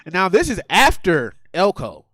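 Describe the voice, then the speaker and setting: A man with a high voice tells a crude, animated stand-up story, laughing as he goes. The sound is dry and close on the mic. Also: moderate pace, no room sound. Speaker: stand-up comedian. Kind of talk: stand-up set. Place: comedy theater stage.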